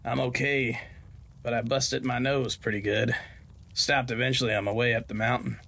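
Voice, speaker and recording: A man's voice: mid-range voice, flat delivery, moderate pace, vocal fry, fairly bright tone. A man voicing a sly, cheerful, rugged male rancher in a spoken audio drama, with an easygoing, folksy way of talking.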